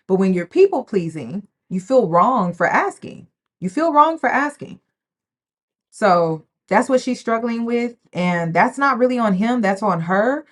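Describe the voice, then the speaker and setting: A woman hosting a reaction video, giving casual, sassy commentary straight to her viewers. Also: medium pitch. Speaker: commentary host.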